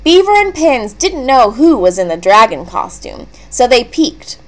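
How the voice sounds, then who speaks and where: A woman reads a children's picture book aloud in a gentle storytelling manner. Her voice is fairly high and very lively in pitch. She takes it slowly and carefully. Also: rough recording. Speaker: storybook reader.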